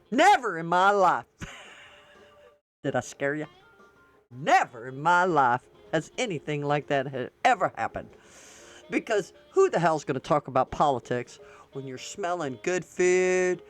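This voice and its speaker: A woman's voice: fairly low pitch, smooth. A woman vlogger chatting casually to her viewers about politics and holidays, rambling and using slang.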